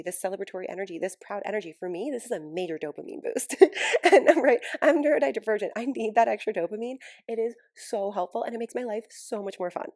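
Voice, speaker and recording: A woman's voice: mid-range voice, a little mellow, no room sound, studio quality. A woman hosting a casual solo podcast, gushing and enthusiastic, laughing often between thoughts. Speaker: podcast host and healing coach.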